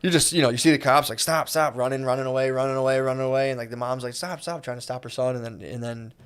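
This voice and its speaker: Fast-talking, profane man co-hosting a podcast, riffs loosely and acts out scenes. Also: mid-range voice, level tone, clear, resonant tone. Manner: rambling and profane, acts out scenes with quoted voices. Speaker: podcast co-host. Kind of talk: casual chat.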